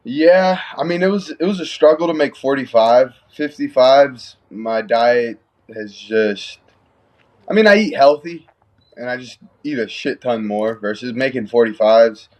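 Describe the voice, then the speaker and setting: Chill dude, mid pitch, slangy and laughing, just chatting. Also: male voice, a little slow, a little mellow. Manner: laid-back, slangy, laughs a lot. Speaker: guest fighter. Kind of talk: casual chat.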